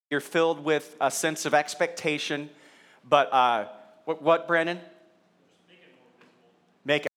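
Speaking into a stage or handheld mic, this pastor addresses a live audience, mixing self-deprecating anecdotes with questions for listeners. He has a bright-ish voice on the high side.

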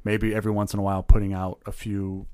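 Brief: man co-host, fast and rambling, casual chat, dry studio sound. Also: on the low side, monotone, a little mellow, clean tone, no echo. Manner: rambling, lots of "like" and restarts, laughs easily. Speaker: podcast co-host.

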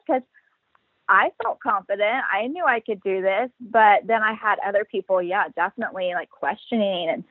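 A woman's voice: medium pitch, normal speed. An upbeat woman in her thirties talks as a guest in a casual interview. She is matter-of-fact and slips into quoted voices as she tells her story. The line is thin and phone-like, with a dry sound and no room echo.

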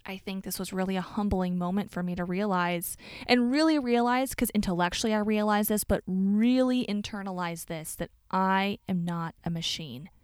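A woman's voice: medium pitch, normal speed, hardly any pauses, clean tone, no room sound, clean studio sound. A woman hosting a solo podcast, talking candidly and reflectively about her own life, often restarting her sentences. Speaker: podcast host.

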